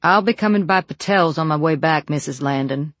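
A man's voice: a little high, brisk, a bit bright, no echo, natural voice. A narrator voicing a friendly, chatty small-town male deputy with easygoing, folksy speech.

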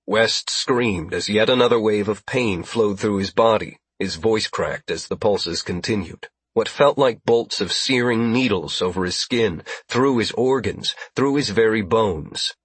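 Brief: male narrator, low-pitched, husky, steady scripted narration, dry close mic. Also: a little slow, hardly any pauses, no room sound. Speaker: audiobook narrator.

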